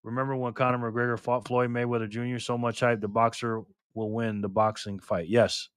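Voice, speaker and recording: A man's voice: medium pitch, little pitch movement, a little fast, clear, resonant tone, dry recording, clean studio sound. Man chatting casually on a live stream. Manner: loose, talks to chat viewers by name, repeats himself.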